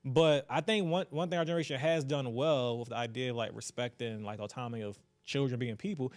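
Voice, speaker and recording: A man's voice: mid-range voice, fairly quick. A young man co-hosting a podcast, rambling and reflective in casual chat. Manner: rambling, reflective, fills with "whatever". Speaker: podcast co-host.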